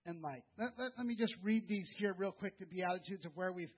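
A man preaching a sermon in a conversational, earnest way, repeating words and dropping soft and low for emphasis. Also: fairly quick, husky, muffled recording. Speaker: pastor.

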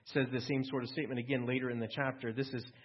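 Male pastor, husky voice, conversational sermon style, dull lo-fi recording. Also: mid-range voice, level tone, fast. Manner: conversational, asks listeners questions, small restarts.

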